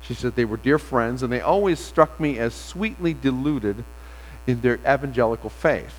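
A man's voice: mid-range voice, lively intonation. Man preaching in a reverberant hall. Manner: conversational storytelling with frequent pauses. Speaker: pastor. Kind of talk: sermon. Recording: long reverb of a large hall.

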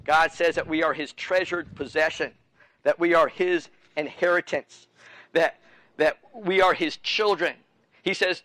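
A man's voice: on the high side, steady tone, a little slow, bright, forceful tone, no echo, rough recording. A middle-aged man preaching a sermon as pastor, earnest, with repeated phrases and frequent restarts.

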